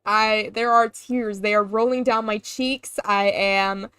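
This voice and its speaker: A woman's voice: medium pitch, steady tone, slow pace, fairly bright tone, clean tone, dry recording. A young woman streaming a video game, who reacts emotionally, laughing and tearing up as she plays. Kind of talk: live gameplay reaction stream.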